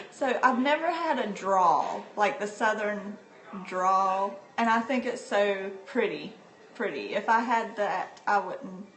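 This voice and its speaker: Slow-talking, chatty woman on a livestream. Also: mid-range voice, animated, a bit bright, soft background music. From North Carolina, USA. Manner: chatty and unhurried, laughs often while talking. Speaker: livestream host. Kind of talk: casual chat to viewers. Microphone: phone or tablet held by the speaker. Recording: roomy livestream phone audio.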